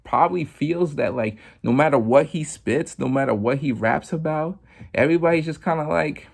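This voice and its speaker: A man hosting a podcast, talking through music news in a relaxed, chatty monologue full of "like" and "you know". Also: on the high side, normal speed, creaky. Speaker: podcast host. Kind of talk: casual commentary monologue.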